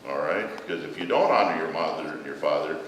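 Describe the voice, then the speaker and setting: A man's voice: very deep voice, fast talker. Man telling children a story in an echoey church. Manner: gentle storytelling to children, asking questions. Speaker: church children's message leader. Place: large church hall. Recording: echoey hall, mic far off, room noise.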